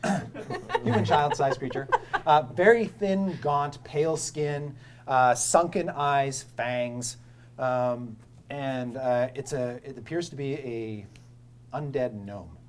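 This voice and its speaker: A man acts as dungeon master for a tabletop game, narrating scenes in a relaxed way with filler words. His voice is mid-range and his pace slow.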